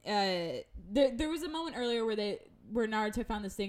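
A woman in casual podcast chat, recapping an anime with animated retelling and acted-out lines, sarcastic and swearing. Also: mid-range voice, fast talker, few pauses, no echo.

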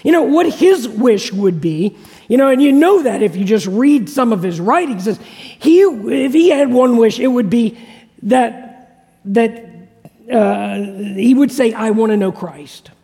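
High-voiced pastor preaching in a reverberant hall. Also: male voice, lively intonation, unhurried, dark tone. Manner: conversational, repeats key phrases, asks congregation questions. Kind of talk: sermon.

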